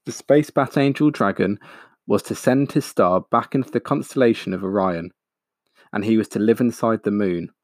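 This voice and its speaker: A man reading a children's storybook aloud, slow, expressive and dramatic. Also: fairly low pitch, no room sound, clean studio sound. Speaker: audiobook narrator.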